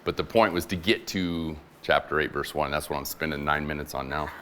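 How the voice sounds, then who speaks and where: A man's voice: very deep voice, fairly even intonation, a little fast, bright, forceful tone, a little hiss or hum. A man, a military chaplain, preaching as a guest speaker and retelling scripture in a casual, playful way with slang. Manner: acts out quoted voices in conversational paraphrase. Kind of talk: sermon.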